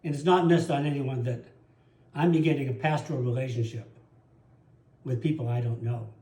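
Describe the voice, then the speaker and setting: A man's voice: medium pitch, a little fast, warm tone. A man preaching a sermon as pastor, telling personal stories in an earnest way. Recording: roomy echo.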